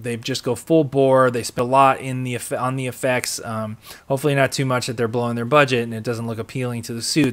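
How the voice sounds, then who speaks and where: A man hosting a podcast, recapping a TV episode in a chatty, excitable way with many fillers. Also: medium pitch. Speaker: podcast host.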